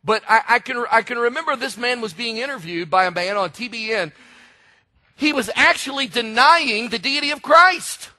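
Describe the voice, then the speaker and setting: A man preaching a sermon, telling stories with animated delivery and sudden shouted emphasis. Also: very high-pitched, normal speed. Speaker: pastor.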